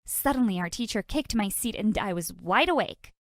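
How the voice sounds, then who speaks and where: A woman narrating an animated storytime in a dramatic, sassy, exclamatory manner. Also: medium pitch, normal speed, dry recording, clean studio sound.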